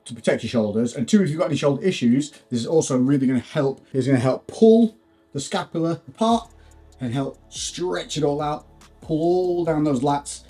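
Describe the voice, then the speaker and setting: Filmed at home and in his garage gym with an on-camera shotgun mic, a young man talks playfully about eating and training, with goofy whoops and hums. His voice is on the high side, mellow and husky, at normal speed, with faint music behind.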